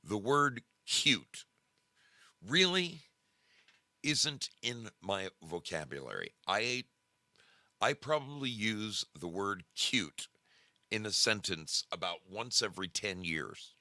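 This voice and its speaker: Deep-voiced animated male livestream host. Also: takes it slowly, dry recording. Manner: animated, emphatic, repeats himself. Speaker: show host. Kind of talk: casual livestream chat.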